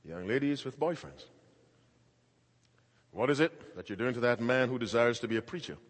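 A man's voice: mid-range voice, lively intonation, normal speed, breathy edge, in a large hall. A man preaching a sermon in an emphatic, dramatic way, acting out quoted voices.

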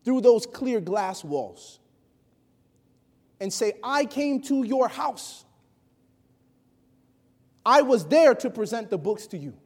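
A man preaching a sermon, telling a personal story with animated delivery that swings between hushed and loud. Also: high voice. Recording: long hall reverb.

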